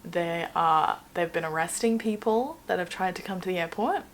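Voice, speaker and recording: A woman's voice: fairly low pitch, moderate pace, a little hiss or hum. A young woman with an Australian accent, telling a story in a casual, chatty vlog, full of swearing and "like". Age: young adult. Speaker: vlogger.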